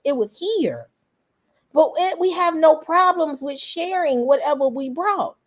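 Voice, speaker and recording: An American woman speaks straight to her audience in a vlog-style opinion monologue. Her voice sits fairly high. She is earnest and a little preachy, circles back to her points and drops into casual slang. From United States. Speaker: vlogger.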